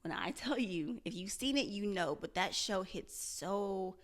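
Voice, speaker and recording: A woman's voice: medium pitch, expressive, unhurried. A young woman vlogging candidly about her struggles, earnest and self-searching, often repeating and restarting her phrases. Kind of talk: candid confessional vlog.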